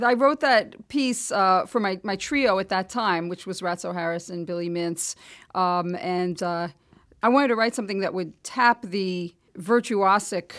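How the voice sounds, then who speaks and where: A woman's voice: medium pitch, fairly bright tone. Female guest musician, modest and a bit hesitant; mid-range voice. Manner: modest, laughs easily, hesitant fillers. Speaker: guest pianist and composer. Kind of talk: radio interview.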